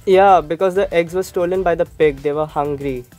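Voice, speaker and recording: A man's voice: on the high side, moderate pace, darkish tone, no room sound, faint music behind. A man from India chatting as a guest on a makeup video, explaining things in an easygoing way. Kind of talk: casual chat.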